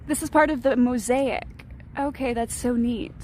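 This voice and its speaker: Excitable woman live-streaming outdoors. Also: a little high, moderate pace, a little hiss or hum. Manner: excitable, gushing, laughs often. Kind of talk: casual live-stream chat while walking. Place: outdoors beside a gallery building.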